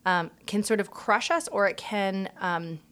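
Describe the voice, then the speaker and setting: A woman's voice: mid-range voice, a little slow. A woman hosting a faith podcast, affirming her guest and reflecting in a casual chat, with frequent "um"s. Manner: warm, affirming, frequent "um" and "mm-hmm". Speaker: podcast host.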